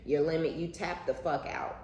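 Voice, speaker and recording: Blunt, profane woman with a low voice. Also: fairly even intonation, moderate pace, creaky, a little mellow, reverberant, a little hiss or hum, rough recording. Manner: blunt and profane, repeating words for emphasis. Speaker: intuitive reader. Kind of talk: casual spiritual reading monologue.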